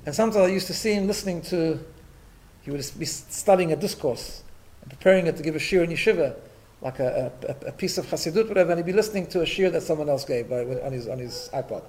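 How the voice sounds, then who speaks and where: A man's voice: on the high side, fast, a little mellow. A middle-aged man teaching a Torah class in a conversational style, telling stories and dropping Yiddish and Hebrew terms, often checking in with "right?".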